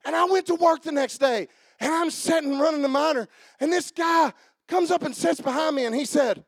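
A male pastor preaching a sermon, telling stories and repeating phrases for emphasis, moving from quiet asides to fervent shouting. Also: very high voice, moderate pace, gravelly, no echo.

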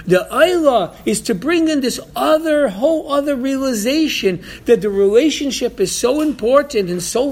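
A man giving a religious lesson, telling a story in a halting way with many repeated words. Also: high-pitched. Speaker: Torah teacher.

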